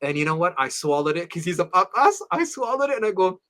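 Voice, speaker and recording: Animated bright-voiced priest telling stories. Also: male voice, high-pitched, fast. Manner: animated storyteller, acts out quoted voices. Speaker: Orthodox priest interviewee. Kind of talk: storytelling interview.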